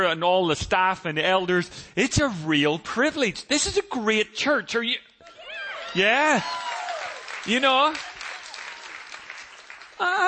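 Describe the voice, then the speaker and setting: A middle-aged man from Ireland with an Irish accent, a guest pastor joking with the congregation at the start of a sermon in a large church. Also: high-pitched. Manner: joking, lively, self-deprecating.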